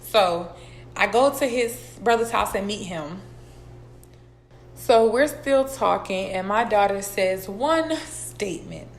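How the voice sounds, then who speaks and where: A woman's voice: mid-range voice, slow pace. Blunt, profane woman talking straight to camera. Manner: blunt, profane, animated storytelling, talks straight to viewers. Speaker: vlogger telling a personal story. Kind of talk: casual storytime vlog. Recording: echoey room with faint background noise.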